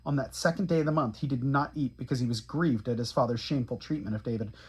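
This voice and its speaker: Guy reading bible passages out loud, kinda husky, steady and earnest. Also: medium pitch, fast talker. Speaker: Bible reader. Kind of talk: reading scripture aloud.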